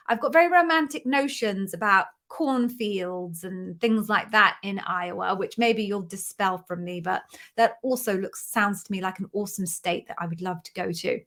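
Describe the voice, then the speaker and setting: A UK interview coach hosts a live Q&A stream, chatty and bubbly, casually greeting viewers by name. Her voice is mid-range and fairly bright.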